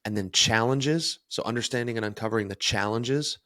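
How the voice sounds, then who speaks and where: A man's voice: medium pitch, brisk, pushed and bright, no room sound, clean studio sound. A young man hosting a solo podcast, talking energetically and emphatically about self-improvement. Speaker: podcast host.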